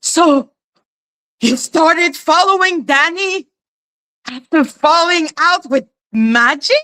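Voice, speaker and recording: A woman's voice: very high-pitched, slow pace, bright, forceful tone. A woman hosting a commentary stream, reacting to clips with profane, sarcastic mockery. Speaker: commentary channel host. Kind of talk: reaction commentary on a livestream clip.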